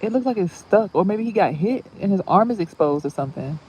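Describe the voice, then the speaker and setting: A young woman rambling casually in a spiritual vlog outdoors, animated and swearing, exclaiming at things she sees. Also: medium pitch, a little fast, slightly rough. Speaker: spiritual vlogger and reader. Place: outdoors near trees.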